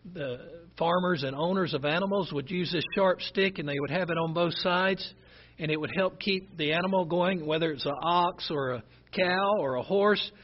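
In a fairly high, husky voice and a rural Southern American accent, a man preaches a sermon, speaking earnestly and conversationally while reading scripture aloud. The audio is dull and lo-fi.

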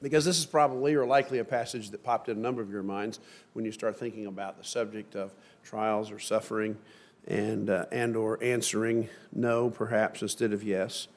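A middle-aged man preaching a sermon and reading scripture in a measured, emphatic way. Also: lowish voice, steady tone. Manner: measured, emphatic delivery with slow stressed phrases.

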